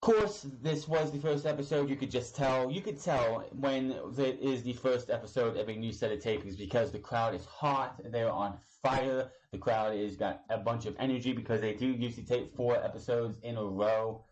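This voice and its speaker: A man's voice: medium pitch, normal speed, hardly any pauses, a little mellow, dull audio. A man casually recapping a wrestling show, rambling and retelling the promos in his own words.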